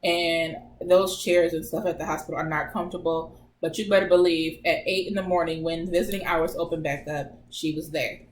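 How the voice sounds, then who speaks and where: A woman in her twenties telling her own story as a vlogger in a chatty, animated way, acting out what others said. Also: deep voice, a little fast. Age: 20s. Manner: chatty, animated retelling that acts out others' lines. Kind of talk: casual personal storytelling. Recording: roomy echo, faint background noise.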